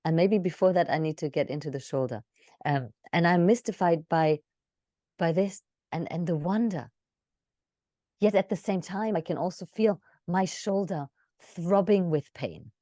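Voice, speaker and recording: Low, mellow-voiced woman coaching storytelling. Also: normal speed, dry recording, studio quality. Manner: expressive, shifting between demonstration and instruction. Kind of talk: live coaching session, demonstrating storytelling.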